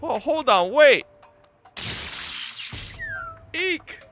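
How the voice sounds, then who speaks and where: A man doing a squeaky panicky gang girl. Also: animated, brisk, bright, forceful tone, soft background music, exaggerated voice. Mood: panicked. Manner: squeaky, pleading. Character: panicky young female gang member.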